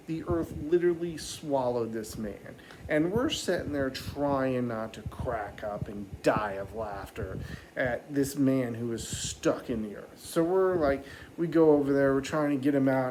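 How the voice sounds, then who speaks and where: A man doing stand-up comedy, telling a rambling, animated story and slipping into mock voices. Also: medium pitch, slight background noise, poor audio.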